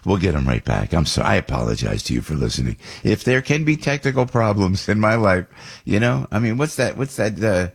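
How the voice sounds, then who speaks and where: A man's voice: on the low side, big pitch swings, a little fast, gravelly, husky. A man in his sixties hosting a talk radio show, effusive and rambling with jokey asides. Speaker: radio host.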